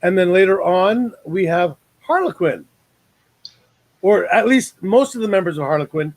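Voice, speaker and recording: A man's voice: high voice, expressive, normal speed, a little hiss or hum, poor audio. A man hosting a casual online talk show over a video call, joking and rambling with lots of fillers.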